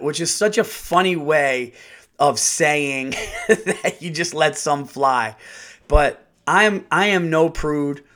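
A man hosting a podcast, telling a rambling, profane, animated story in a casual way. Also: fairly high pitch. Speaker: podcast host and comedian.

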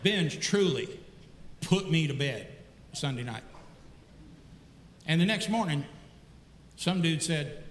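Animated high-voiced preacher in an echoey hall. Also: male voice, slow, long pauses, slight background noise. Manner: animated storytelling with repeated words and restarts. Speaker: pastor. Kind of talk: sermon. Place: church sanctuary. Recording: echoey church hall reverb.

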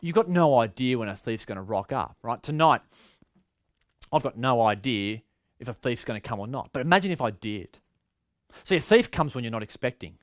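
A man's voice: medium pitch, fairly bright tone, dry recording, clean studio sound. A male pastor with an Australian accent, giving a sermon in a conversational, storytelling way with frequent restarts.

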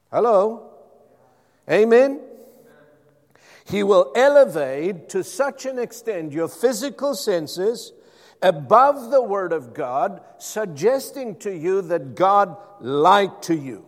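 A male pastor preaching a sermon, drawing the congregation in with repeated calls of "Amen?". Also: high voice. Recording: long hall reverb.

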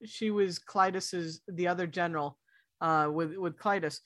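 A woman's voice: fairly low pitch, steady tone, measured pace, a bit bright, no room sound, studio quality. A woman co-hosting a podcast, chatting casually and recounting movie scenes. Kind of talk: casual film chat.

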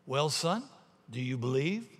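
A man voicing the calm, powerful voice of God answering from the sky. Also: mid-range voice, big-room sound. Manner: calm and measured.

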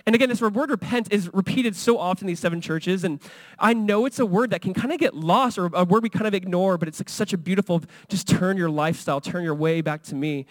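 A young adult or middle-aged pastor preaches quickly in a high-pitched voice, with no echo in the recording. He is earnest and conversational, and as the father of a son he acts out the voices of the people he quotes.

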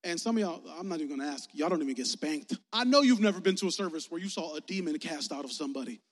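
A man preaching a lively, joking youth sermon in slangy talk, acting out little voices as he tells stories. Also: on the high side, fast talker. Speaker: youth pastor. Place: church sanctuary. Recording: long reverb of a church sanctuary.

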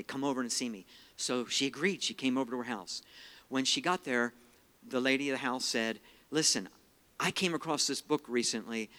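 A middle-aged man preaches with a bright, forceful edge to his voice. He tells personal stories earnestly, weaves in scripture, and sinks to a hushed tone at the solemn moments. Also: medium pitch. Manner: earnest storytelling, quotes scripture, drops quiet for emotional parts. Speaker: evangelist speaker. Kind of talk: sermon with personal testimony.

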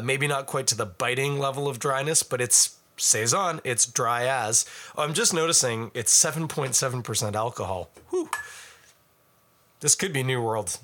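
Chatty man with a bright voice. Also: mid-range voice. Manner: chatty, rambling asides. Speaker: beer reviewer. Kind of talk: casual tasting review.

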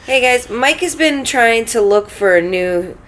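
A woman's voice: on the high side, animated, a little slow, a bit bright. A woman co-hosting a casual chat, mostly giving brief agreeing replies. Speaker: podcast co-host.

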